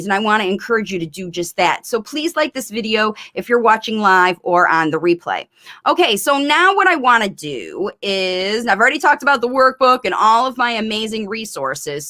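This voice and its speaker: A middle-aged woman, a speech therapist hosting a live coaching stream, talking quickly and emphatically to parents. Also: on the high side, bright, forceful tone. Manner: fast, emphatic, encouraging. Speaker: speech-language pathologist host.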